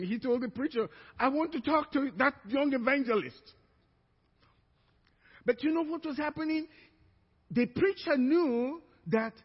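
A pastor preaching a sermon, telling stories and acting out the people in them. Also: male voice, extremely high pitch, husky. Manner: storytelling, acts out quoted voices. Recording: muffled church recording, long reverb.

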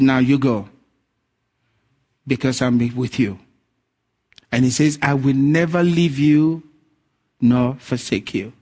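Male preacher, slightly raised pitch, animated storyteller who voices his characters. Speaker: pastor. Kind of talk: sermon.

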